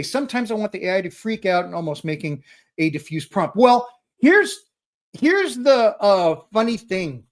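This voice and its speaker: A middle-aged man chats through a live Q&A, his pitch rising and falling with lively swings. He rambles eagerly, stacking repeated words before each thought gets going. It sounds like a casual home hobby space. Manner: excitable, rambling, repeats words when starting sentences. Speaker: host. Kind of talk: live-stream Q&A chat.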